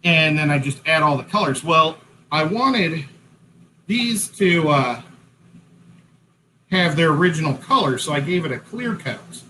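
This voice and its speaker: Brief: male co-host, bright and fairly high voice, chatty livestream talk with faint background noise. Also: animated, a little slow, long pauses, low-quality recording. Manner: chatty, self-correcting while setting up. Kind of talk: casual livestream chat. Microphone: headset-style hat cam mic.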